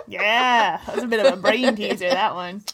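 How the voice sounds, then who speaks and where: A woman's voice: medium pitch, moderate pace, fairly bright tone, slight background noise. Giggly, playful woman podcast host. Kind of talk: casual banter.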